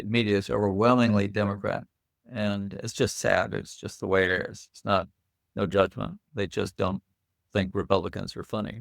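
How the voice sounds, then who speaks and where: Gravelly low-voiced older man. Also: no room sound, clean studio sound. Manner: lively anecdotal storyteller. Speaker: guest. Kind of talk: casual interview storytelling.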